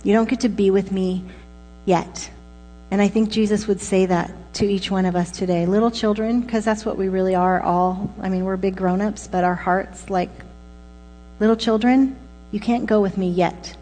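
A woman's voice: medium pitch, flat delivery, moderate pace, warm tone. A woman preaching a casual, conversational sermon, informal and full of asides. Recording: long reverb with mains hum.

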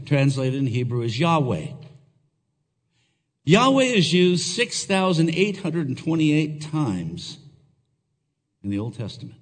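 A man's voice: fairly high pitch, very animated, takes it slowly, pauses often, big-room sound. A man preaching a sermon as a pastor, earnest and emphatic, asking the congregation rhetorical questions.

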